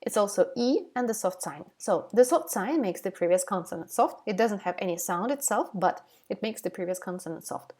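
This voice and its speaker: A woman teaching a language lesson, saying each word twice, slowly and carefully, with short plain explanations. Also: mid-range voice, lively intonation, a little mellow. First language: Ukrainian. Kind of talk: slow alphabet lesson with repeated words.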